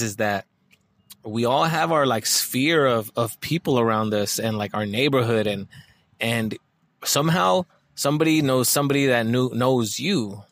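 A man's voice: mid-range voice, a bit bright, dry recording. A man talking casually in a monologue, swearing often and rambling with lots of filler words.

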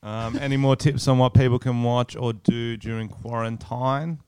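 A man's voice: mid-range voice, steady tone, moderate pace, a little mellow, clean tone, no echo, studio quality. An Australian man co-hosting a podcast, teasing and laughing through casual comedic banter. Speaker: podcast co-host.

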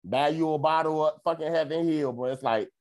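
A man co-hosting a casual podcast, rambling and profane with loud bursts. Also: fairly high pitch, a little fast. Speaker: co-host.

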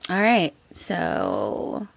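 A woman's voice: low-pitched, huge pitch swings, drawn-out words, gravelly, dry recording. A woman co-hosting a casual chat show, telling stories at an easy pace, often laughing and trailing off into fillers. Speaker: podcast co-host.

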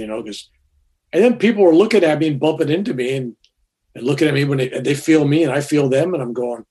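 An older man with a slightly high voice tells a personal story in a loose, rambling way. He is conversational and often restarts himself. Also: lively intonation, quick pace, mellow.

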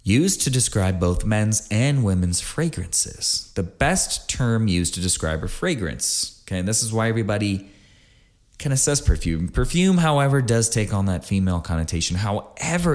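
A man's voice: on the low side, big pitch swings, moderate pace. A married man hosting a podcast episode, explaining things in a casual, rambling way with many fillers and small jokes. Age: adult, married. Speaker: podcast host.

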